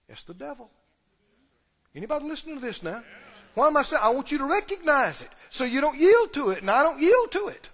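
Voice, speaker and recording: Pastor, high lively voice, storytelling sermon, long reverb. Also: male voice, fast talker. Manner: storytelling, acts out quoted characters, shifts between loud and hushed.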